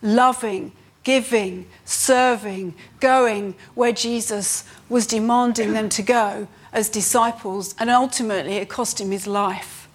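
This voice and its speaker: A woman delivers an earnest sermon in a fairly high voice. She lifts her pitch to stress key points and slows down when reading scripture aloud. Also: fairly even intonation. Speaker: preacher.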